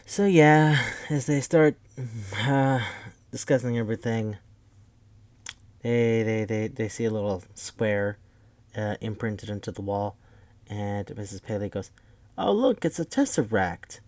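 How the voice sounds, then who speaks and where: A man casually recapping a movie plot, rambling, swearing, and acting out the characters' lines in quick bursts. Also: on the low side, steady tone, darkish tone, no room sound. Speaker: podcast host.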